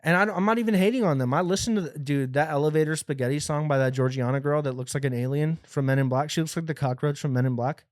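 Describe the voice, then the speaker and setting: A young American man hosting a comedy podcast, rambling through a profane, animated monologue full of restarts. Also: a little high, quick pace, few pauses, dry recording, studio quality. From United States. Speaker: podcast host.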